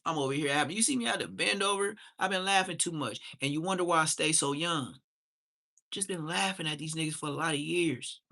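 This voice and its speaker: A man's voice: fairly high pitch, a little fast, gravelly, pushed and bright. A man from Southern California hosting a livestream, reacting in casual slangy chat and laughing a lot. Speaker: livestream host.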